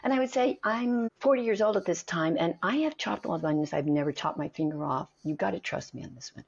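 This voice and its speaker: Her voice is fairly low, husky and a bit fast, with vocal fry and barely a pause. She's a middle-aged acting coach, an animated storyteller who acts out quoted voices during a conversation, heard on a dull lo-fi recording.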